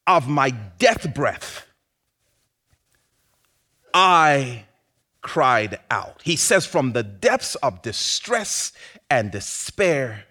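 A man preaching a sermon, swinging from hushed, drawn-out phrases to sudden shouts. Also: mid-range voice, very animated. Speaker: pastor.

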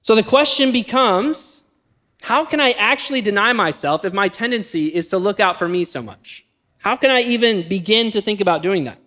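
A middle-aged man, a pastor, preaching a sermon and telling a personal story, speeding up in bursts and slowing down for emphasis. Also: high-pitched, a bit bright. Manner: storytelling, shifting between quick bursts and slow emphatic phrases.

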